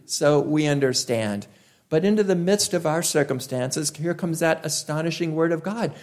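A man preaching a sermon, emphatic, repeating key phrases with drawn-out pauses. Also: fairly high pitch, darkish tone.

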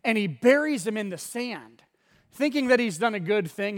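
A man's voice: sits high, animated, normal speed, in a large hall. A man preaching a sermon as pastor, retelling the story in a casual, conversational way.

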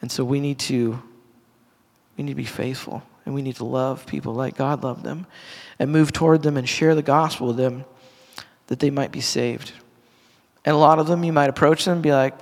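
A man's voice: mid-range voice, steady tone, moderate pace. A middle-aged man, a pastor, giving a casual, earnest sermon to a congregation in a church hall, talking conversationally with restarts and asides. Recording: long reverb of a church hall.

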